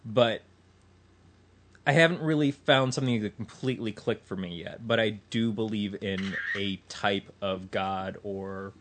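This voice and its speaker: A man's voice: fairly low pitch, unhurried, background noise. A man musing on belief in a casual podcast chat, rambling and reflective, often trailing off. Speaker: podcast co-host.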